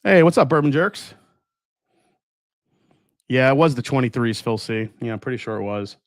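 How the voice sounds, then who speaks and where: Casual male livestream host, relaxed and chatty, dry close mic. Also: medium pitch, moderate pace, dry recording. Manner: relaxed, chatty, many fillers and restarts. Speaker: livestream host tasting whiskey. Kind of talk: casual live chat reading viewer comments.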